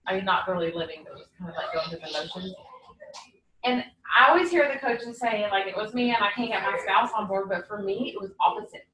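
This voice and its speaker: A woman's voice: mid-range voice, brisk, bright, forceful tone, slight background noise. A woman giving a personal testimony at a party, chatty, full of fillers and quoted dialogue. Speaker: team member sharing her story. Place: party room with guests. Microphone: camera set away from the speaker. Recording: echoey room from far off.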